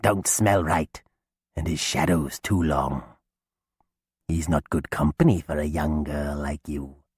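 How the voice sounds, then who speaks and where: A man voicing a hungry undead old witch woman who croaks and drawls slowly in a rustic way. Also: rumbling low, steady tone, darkish tone, dry recording, studio quality, full character voice. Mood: menacing, hungry. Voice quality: croaking, husky. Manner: slow, drawling, menacing rustic speech. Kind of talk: audiobook character voice.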